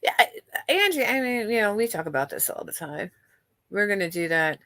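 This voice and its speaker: A woman's voice: mid-range voice, big pitch swings, fairly quick, bright, forceful tone, no room sound. A woman hosting a livestream, chatting casually and gossiping with viewers, swearing freely and often restarting her sentences. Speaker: livestream host. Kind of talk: casual chat with live viewers.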